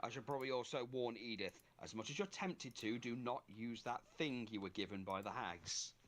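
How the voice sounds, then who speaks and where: A man playing a tabletop game, chatting in an animated, joking way. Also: mid-range voice, normal speed, a little hiss or hum. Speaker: player. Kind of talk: casual game chat.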